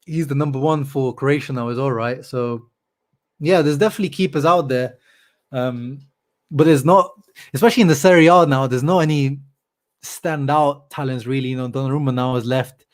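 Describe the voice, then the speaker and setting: A man's voice: medium pitch, moderate pace. A man hosting a casual live stream about football, chatting loosely with lots of fillers and reading out viewer comments. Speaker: channel host on a live stream.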